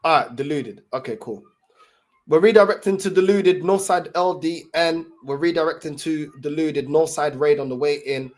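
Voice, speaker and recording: A man's voice: a little high, moderate pace. A young man chatting casually to his livestream viewers, in laid-back, slang-heavy talk full of fillers. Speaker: livestream host.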